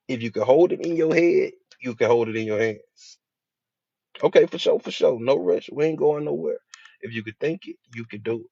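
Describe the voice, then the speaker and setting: A man's voice: on the high side, dry recording. Emphatic slangy male hypnotherapist. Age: adult with a school-age child. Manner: emphatic, repetitive, rhetorical questions; casual slangy delivery. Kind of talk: motivational speech. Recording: dull dry lo-fi recording.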